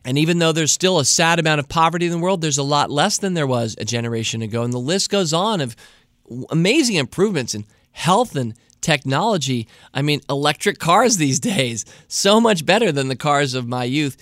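A man's voice: on the high side, expressive, fairly quick, a bit bright, no echo, studio quality. A middle-aged American man hosting a podcast, reading a listener's letter aloud and breaking off to comment on it in a chatty way. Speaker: podcast host.

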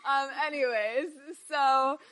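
A woman's voice: sits high, takes it slowly, fairly bright tone, no echo, rough recording. A woman hosting a casual podcast interview, who giggles and asks rambling questions. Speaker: podcast host.

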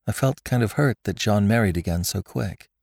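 Guy doing a straight-talking old-maid schoolteacher, voice raised up higher. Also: moderate pace, gravelly, a little mellow, dry recording, clean studio sound. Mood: matter-of-fact. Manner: plain-spoken and direct. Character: upright, blunt spinster schoolteacher.

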